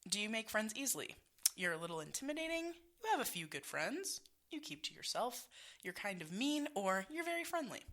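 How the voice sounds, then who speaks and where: Lively, bright-voiced woman podcast host. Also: medium pitch, brisk. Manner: laughing, swearing, reading out quiz options. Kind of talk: casual chat.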